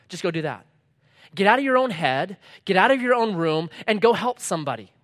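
A man preaching a sermon, reading scripture and acting out the lines with animated swings from loud emphasis to quiet intensity. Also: on the high side, fast talker. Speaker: pastor.

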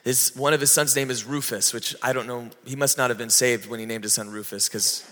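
A man preaching a sermon in a conversational way, slowing down and lifting his voice to stress key moments. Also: mid-range voice, fairly even intonation, bright, forceful tone, in a large hall, a little hiss or hum. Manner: conversational preaching, slows and rises for emphasis. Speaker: pastor.

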